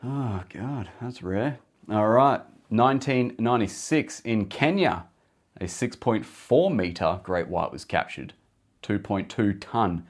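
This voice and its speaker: A man's voice: on the low side, lively intonation, takes it slowly. A man hosting a podcast, talking casually through facts with jokey asides. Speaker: podcast host. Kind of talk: casual solo podcast talk.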